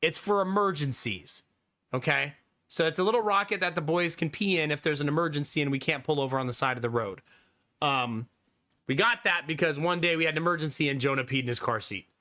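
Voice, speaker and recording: A man's voice: a little high, fairly quick, pushed and bright. A man in his thirties, a live streamer telling a story to his viewers in casual chat, laughing often and swearing freely.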